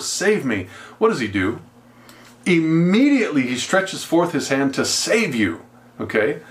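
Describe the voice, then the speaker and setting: A male pastor teaching a Bible passage, acting out its characters as he tells the story. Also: a little high.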